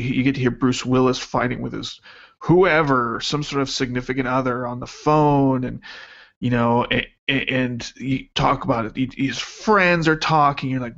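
A man's voice: mid-range voice, fairly bright tone, muffled recording. A man co-hosting a podcast, casually chatting about a movie and agreeing along. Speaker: podcast co-host. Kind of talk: casual film discussion.

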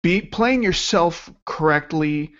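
A relaxed man chatting casually on a film podcast, easygoing and quick to agree. His voice is a touch higher than average. The sound is a little muffled and lo-fi. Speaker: podcast co-host.

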